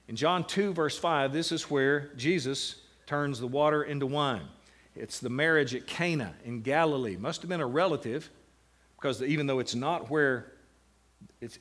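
A man teaching a class on meditating on the Bible, slowing down to stress single words and breaking into lively asides. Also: mid-range voice.

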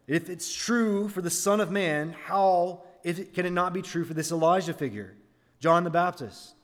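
A man preaching to his congregation in an earnest voice that sits a little high. He keeps asking them questions as he builds his point. His voice carries a long hall reverb. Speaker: pastor. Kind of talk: sermon.

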